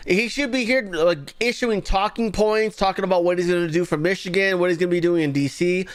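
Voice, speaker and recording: A man's voice: high voice, fairly even intonation, a little fast, noisy background. A man hosting a live show, giving sarcastic, mocking political commentary.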